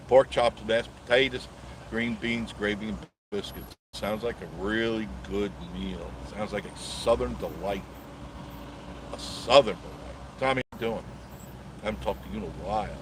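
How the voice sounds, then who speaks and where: A low-voiced man chats loosely on a live stream, cracking jokes and answering viewers as they comment. He talks into a phone on a gimbal from inside his car, with steady traffic noise clearly heard behind him. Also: moderate pace. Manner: rambling, joking, reads out and answers viewer comments.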